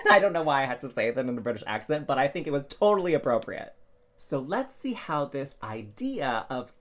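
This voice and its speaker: Spiritual coach, male, animated talk, very expressive pitch, leans on rhetorical questions. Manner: animated, drawn-out emphasis on key words; addresses viewers directly with rhetorical questions. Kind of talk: casual spiritual self-help talk.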